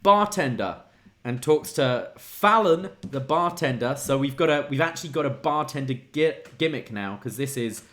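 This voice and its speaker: A man's voice: mid-range voice, moderate pace, hardly any pauses, fairly bright tone. A man co-hosting a wrestling review podcast, recapping the show in casual chat with wry asides. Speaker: podcast co-host.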